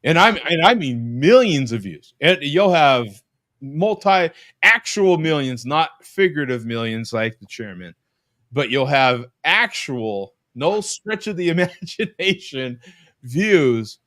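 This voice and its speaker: A man hosting a casual live-stream chat over a video call from his home, rambling with lots of halting restarts. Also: on the high side, sing-song, a bit bright, no room sound, studio quality. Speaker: podcast host. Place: home room.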